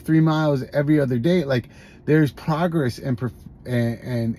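A man's voice: mid-range voice, darkish tone, breathy edge. A man hosting a podcast, talking candidly in a confessional monologue with frequent restarts. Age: adult, has a grown son. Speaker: podcast host. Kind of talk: personal monologue about recovery.

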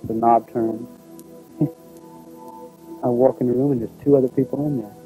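Dark-voiced man recalling a strange night. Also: medium pitch, fairly even intonation, soft background music, poor audio. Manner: halting, unpolished recollection with restarts. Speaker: eyewitness recounting his experience. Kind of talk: first-person testimony in a documentary.

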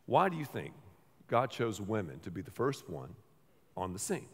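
A man's voice: on the low side, moderate pace, husky, in a large hall. A man preaching a sermon while painting live, talking with humor and acting out the people in the story. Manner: animated, acts out quoted voices with humor. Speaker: pastor.

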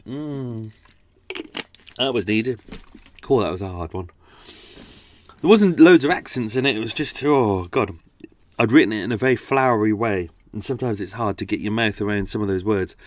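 A man's voice: fairly low pitch, moderate pace, pauses often, slight background noise. Rambling man chatting aboard a boat. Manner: rambling, chatty, self-mocking. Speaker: podcast host. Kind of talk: casual unscripted chat. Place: narrowboat cabin.

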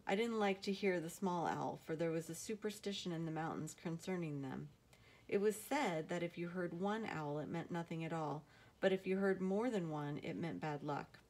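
A woman narrating a novel aloud in a steady, measured storytelling manner. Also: fairly low pitch. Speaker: audiobook narrator.

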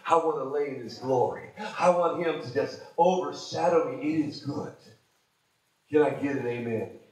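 A man preaching a sermon as pastor, fervent, swinging between shouted exhortations and low, quiet asides. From United States. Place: church sanctuary. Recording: very echoey church hall.

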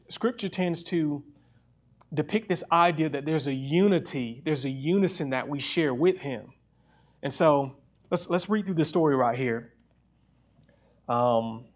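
A young man preaching a sermon in an earnest, personal way, often restarting his phrases. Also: on the high side. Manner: reads scripture aloud faster.

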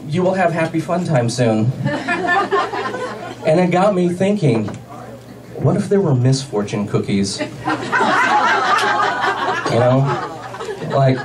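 A man doing a stand-up comedy set, delivering deadpan one-liners with pauses for laughs. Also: fairly high pitch. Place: comedy club stage with a laughing audience. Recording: distant club recording with loud crowd noise.

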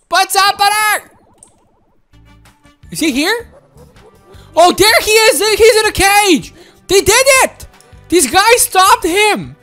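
A woman giving excited, exclaiming commentary while playing a video game and talking to her viewers. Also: extremely high pitch. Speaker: gaming video host.

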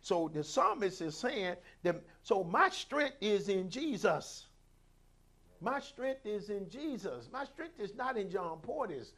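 Man, pastor, sermon, high voice, loud shouts then hushed lines, hallelujah interjections. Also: sing-song, takes it slowly. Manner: preaching with sudden loud shouts and dropped quiet lines.

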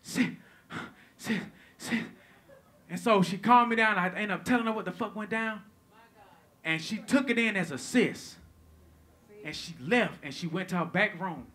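A man telling a stand-up comedy story onstage, animated and profane, swinging between loud bursts and hushed asides. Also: sits high, normal speed. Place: comedy stage before live audience.

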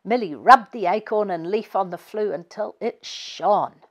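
A woman author reading her family storybook aloud in a gentle, expressive way. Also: medium pitch, measured pace, highs cut off. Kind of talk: children's storybook read-aloud.

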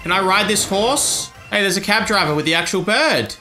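A man's voice: high voice, lively intonation, moderate pace, pushed and bright, faint music behind. A man giving crude, joking let's-play commentary over a video game. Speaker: YouTube gamer.

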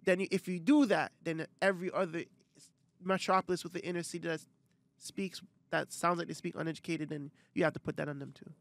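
Gravelly young man arguing a point. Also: a little high, steady tone, fairly quick, fairly bright tone, no echo. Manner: reasoned arguing, frequent affirming murmurs. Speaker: podcast co-host. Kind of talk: casual podcast chat.

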